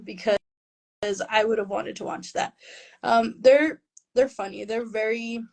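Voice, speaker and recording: A woman's voice: fairly high pitch, steady tone, unhurried, creaky, low-quality recording. A woman author being interviewed, talking casually and with self-deprecating humor, laughing often and slipping Spanish phrases into her English. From Mexican family, raised in the US.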